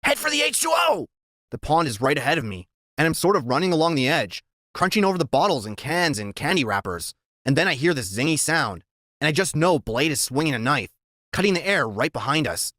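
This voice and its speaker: A man reads a children's novel aloud in the first person. His voice sits a little high for a man and moves around a lot in pitch as he tells the story. The sound is dry and close. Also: fairly quick, no echo. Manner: lively, expressive storytelling. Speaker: reader.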